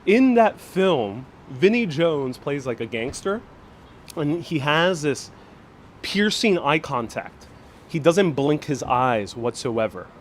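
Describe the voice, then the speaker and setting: A man with a slightly high voice hosts a casual live-streamed walking vlog. He chats loosely, with frequent laughs, fillers and restarts. It is recorded on a handheld phone on a city street, with faint traffic behind. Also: very animated, slow. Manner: chatty, laughs often, many fillers and restarts. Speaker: travel vlogger host. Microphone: phone held in hand while live streaming.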